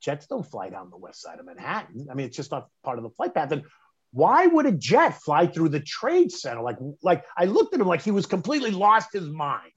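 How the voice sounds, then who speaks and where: A middle-aged man, telling a personal story in conversation, animated and emphatic, often restarting mid-phrase. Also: fairly high pitch, brisk, slightly rough. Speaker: interview guest recounting a personal story. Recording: dull lo-fi sound.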